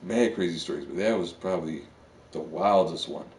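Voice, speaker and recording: A man's voice: low voice, normal speed, darkish tone, a little hiss or hum. A man streaming live, rambling on in a casual, profane monologue full of fillers. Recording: echoey room, far from the mic.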